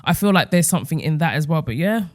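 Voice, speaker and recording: A woman's voice: sits low, animated, fast talker, a little mellow. A young woman, co-hosting a podcast and telling stories in casual chat, full of "like" and "yeah". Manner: chatty storyteller, lots of "like" and "yeah". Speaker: podcast co-host.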